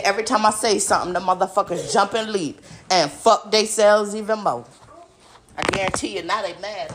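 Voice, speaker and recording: A woman's voice: mid-range voice, fairly bright tone, slight background noise. Profane, ranting woman. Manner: profane, mocking, repeats insults. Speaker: podcast host. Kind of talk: angry ranting monologue.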